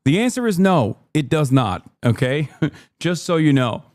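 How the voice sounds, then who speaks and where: A man's voice: fairly high pitch, big pitch swings, a little slow, darkish tone, no echo. A man giving casual livestream commentary on a debate clip, sarcastic and heated, swearing and laughing often. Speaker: streamer reacting to a debate clip.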